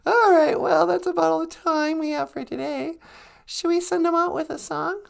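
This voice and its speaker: A woman's voice: extremely high pitch, fairly even intonation, moderate pace, gravelly. A woman co-hosting a casual, playful podcast, goofing around and making beeping computer noises. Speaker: podcast co-host.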